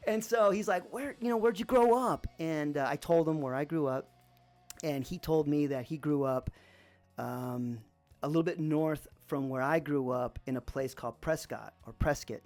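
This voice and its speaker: A man's voice: on the high side, normal speed, faint music behind. Rambling man telling a personal story. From Arizona. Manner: relaxed, rambling, lots of fillers. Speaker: podcast host.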